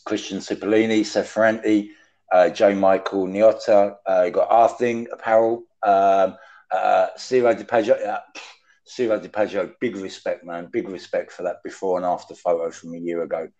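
An English man joining a podcast from afar, talking in earnest, hesitant casual chat and often restarting his phrases. His voice sits low. It comes through dull, lo-fi call audio. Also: level tone, moderate pace, darkish tone. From England. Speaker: remote podcast guest.

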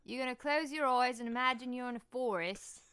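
A woman's voice: high voice, brisk, a bit bright, clean tone, pitched above the performer's own voice. A woman putting on a mock Cockney accent to play a brusque male meditation guide. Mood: mock soothing. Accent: mock London Cockney. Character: gruff male London-style meditation guide.

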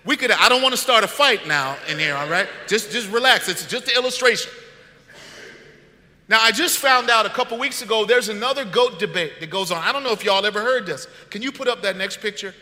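High, bright-voiced male pastor preaching. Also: a little fast. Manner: conversational preaching, asks the congregation questions. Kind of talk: sermon. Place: church sanctuary. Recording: long reverb of a church hall.

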